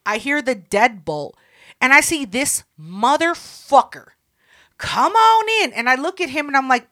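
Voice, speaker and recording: A woman co-hosting a podcast, telling a profane story in casual banter with sudden loud outbursts. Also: on the high side, sing-song, moderate pace. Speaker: podcast co-host.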